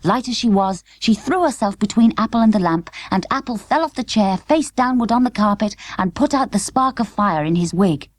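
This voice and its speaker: A woman narrating an unabridged children's book in clear, measured storytelling. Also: mid-range voice, expressive, no room sound. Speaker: audiobook narrator. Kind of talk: scripted narration.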